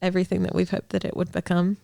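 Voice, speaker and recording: Heartfelt woman with a gravelly fry. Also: lowish voice, completely flat delivery, fast, dry recording, studio quality. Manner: earnest and heartfelt, with soft laughs and restarts. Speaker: podcast guest, ministry director. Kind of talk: personal faith testimony in conversation.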